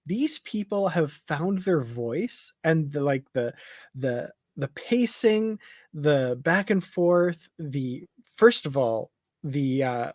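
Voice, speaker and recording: A man co-hosting a live discussion show, chatty and easygoing, laughing often and pausing on fillers. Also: on the high side, very animated, a little mellow, no echo, studio quality. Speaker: podcast co-host.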